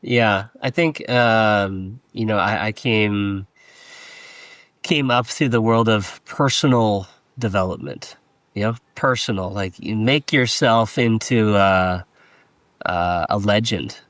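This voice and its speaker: A man with a low voice speaks hesitantly, stopping and restarting as he looks for words. The recording is dry and close. It is a casual podcast chat. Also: slow, a bit bright, dry recording. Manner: hesitant, many fillers and restarts.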